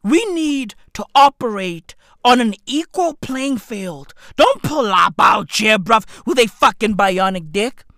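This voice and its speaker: A woman with delivering a profane comedic rant, swearing a lot and breaking into shouts. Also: on the high side, animated, takes it slowly, dry recording, clean studio sound. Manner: slang-heavy, swearing, bursts of shouting.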